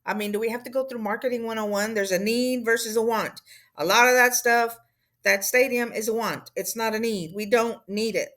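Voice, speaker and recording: Woman, rambling sarcastic political rant, fairly high voice, fed up. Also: steady tone, fairly quick, fairly bright tone. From Texas. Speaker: political commentator.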